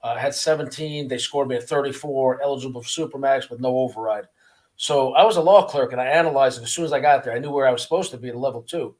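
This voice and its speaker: A man, a former prisoner, telling his story in a casual interview with an earnest, halting manner, often repeating words. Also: medium pitch, darkish tone. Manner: earnest, repeats words, acts out guards' voices.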